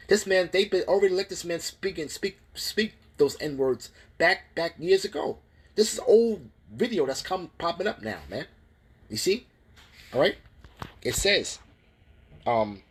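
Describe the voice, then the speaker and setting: A man teaching from scripture, reading verses slowly and breaking in with commentary full of restarts and "man, you know?" tags. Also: a little high, breathy edge, rough recording. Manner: reads scripture slowly and deliberately. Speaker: religious teacher.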